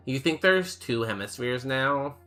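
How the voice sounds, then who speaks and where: A man's voice: medium pitch, bright, forceful tone. A young man streaming a game, chatting casually with his chat in a rambling, jokey way full of fillers. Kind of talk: casual chat while playing and reading chat.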